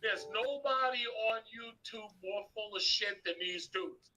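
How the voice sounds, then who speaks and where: A man in a played clip rants bluntly and brushes others off. His voice is high and very bright. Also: measured pace, slight background noise, poor audio. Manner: blunt, dismissive. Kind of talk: ranting clip.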